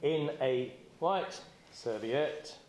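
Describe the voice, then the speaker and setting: A man's voice: medium pitch, animated, drawn-out words, background noise. A man leading a group seder, chatty and encouraging, with light jokes as he guides the room through it. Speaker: seder leader. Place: community hall or synagogue. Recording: echoey room.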